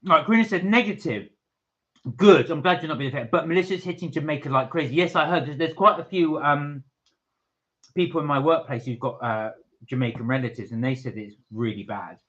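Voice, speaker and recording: A man's voice: on the high side, a little fast, fairly bright tone, dull audio. A man co-hosting a casual live stream from England, chatting and reading viewer comments aloud.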